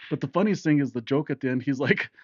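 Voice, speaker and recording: A man's voice: medium pitch, animated, quick pace, no echo, highs cut off. Rambling, laughing dad in his fifties. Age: 50s. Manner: rambling storyteller, laughs often, acts out quotes. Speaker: podcast co-host, father. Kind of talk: casual chat.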